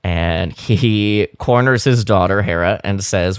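A man's voice: sits low, steady tone, slow, smooth, dry recording, clean studio sound. A man co-hosting a podcast, casually recapping an episode with lots of fillers and self-deprecating asides. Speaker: podcast co-host.

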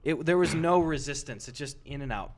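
A man's voice: on the high side, brisk. A young man co-hosting a podcast in casual chat, laid-back and crude with dry jokes. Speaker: podcast co-host.

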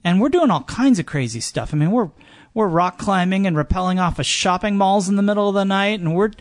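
A middle-aged man chatting on a podcast, his voice sitting a little high and recorded close and dry. He rambles through stories with fillers and restarts. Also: expressive, brisk, dry recording. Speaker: guest, gondola company owner. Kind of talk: casual podcast chat.

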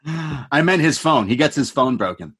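Husky guy on a wrestling podcast, talks loose and lively, does little voices for the wrestlers. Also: fairly high pitch, moderate pace. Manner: animated retelling, quotes the wrestlers in changed voices. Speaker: podcast co-host. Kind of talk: casual chat recapping a wrestling show.

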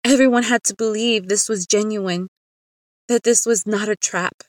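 A woman voicing the calm, tender spirit of a dead grandfather in a storybook tale, speaking softly and sadly. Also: mid-range voice, normal speed, no room sound, studio quality, close to an everyday voice. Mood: solemn. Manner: soft, sad, reassuring.

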